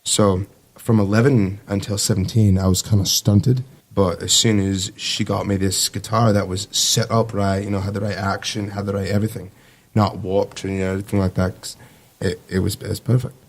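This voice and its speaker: A man's voice: lowish voice, level tone, normal speed. A man in his twenties, a navy sailor telling stories as a guest in a casual podcast conversation, rambling and easygoing with lots of fillers. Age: 20s.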